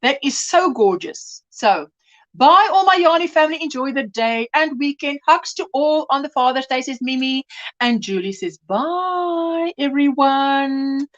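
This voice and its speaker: A woman's voice: sits high, lively intonation, moderate pace, a bit bright, muffled recording. A woman hosting a casual crochet livestream, chatting, reading out viewer comments and laughing often.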